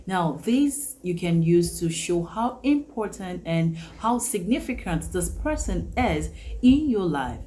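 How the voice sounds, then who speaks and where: Woman, English teacher, lower voice, very slow, repeats phrases for emphasis, faint background hiss. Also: sing-song, dark tone, low-quality recording. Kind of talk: English vocabulary lesson.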